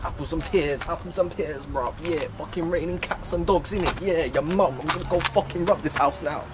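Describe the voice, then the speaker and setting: A man's voice: on the high side, fairly quick, heavy background noise, lightly acted. A man putting on a brash fake Cockney tough. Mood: swaggering. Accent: put-on Cockney. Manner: swaggering, crude slang.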